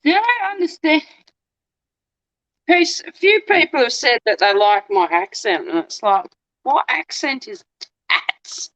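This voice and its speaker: A woman's voice: mid-range voice, big pitch swings, a little slow, a bit bright, rough recording. A woman hosting her channel, chatting casually and rambling in a self-deprecating way. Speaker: channel host. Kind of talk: casual chat.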